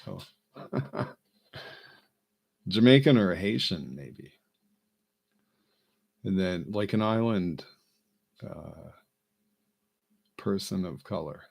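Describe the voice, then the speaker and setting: Deep, husky man; slow, halting comic rambler. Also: darkish tone. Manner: halting, self-amused, lots of fillers and restarts. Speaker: vlogger.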